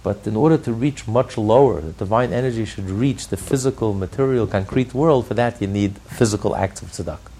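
A man's voice: lowish voice, fairly quick, hardly any pauses, warm tone. A man teaching a Torah lesson as a rabbi who builds his points through repeated, emphatic phrases. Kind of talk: Torah lecture.

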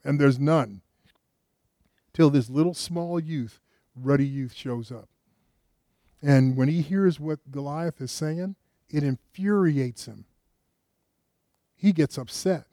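A man's voice: a little high, warm tone, no room sound, studio quality. A man preaching a sermon, retelling a story conversationally with rhetorical questions and frequent restarts. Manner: frequent restarts, rises with emphasis.

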